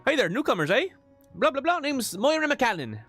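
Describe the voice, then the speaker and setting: A man voicing an upbeat, friendly Irish woman who is a busy mayor's assistant, chattering in a high, bubbly put-on Irish accent. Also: sing-song, a bit bright, faint music behind, full character voice. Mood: chirpy, bustling. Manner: chirpy and bubbly, rattles on quickly.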